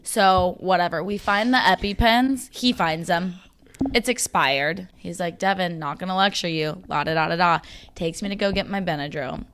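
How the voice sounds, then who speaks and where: A young woman co-hosting a podcast, telling a story in casual chat, laughing and at times dropping to a low mutter. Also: normal speed, a bit bright. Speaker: podcast co-host.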